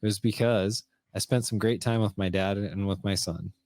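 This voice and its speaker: Middle-aged male co-host, deep dry voice, relaxed storyteller. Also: normal speed, no echo. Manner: storytelling, easygoing. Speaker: podcast co-host. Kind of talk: casual conversation.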